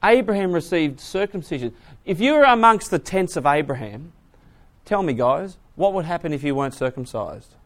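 A man preaching a sermon, retelling a story with lively voices and asking the audience questions. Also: a little high, moderate pace.

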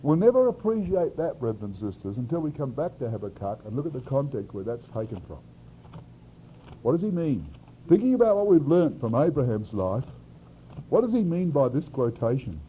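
A man preaching an expository sermon, swinging from loud emphasis to quiet asides. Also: medium pitch, sing-song, fairly quick, a little hiss or hum. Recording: dull lo-fi sermon recording.

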